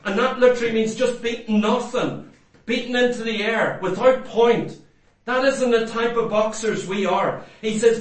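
Male preacher, high voice, emphatic and repetitive sermon delivery, distant mic in a very echoey church hall. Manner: emphatic, repeats phrases, rising to loud exhortation.

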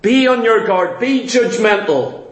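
High-voiced preacher with echoing rhetorical questions. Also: male voice, lively intonation, a little slow. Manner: emphatic, asks and answers his own rhetorical questions. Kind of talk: sermon.

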